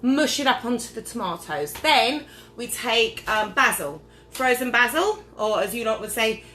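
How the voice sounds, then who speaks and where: A woman's voice: a little high, animated, moderate pace, sharp tone, slight background noise. A tipsy woman chatting her way through a casual cooking demonstration at home, rambling and losing her train of thought. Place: home kitchen, indoors. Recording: echoey kitchen with clattering dishes.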